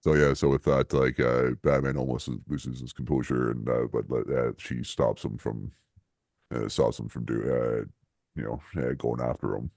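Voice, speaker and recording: A man co-hosting a podcast in casual chat, rambling and laughing often, his voice jumping up when excited. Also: a bass voice, moderate pace, vocal fry, no echo, studio quality. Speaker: podcast co-host.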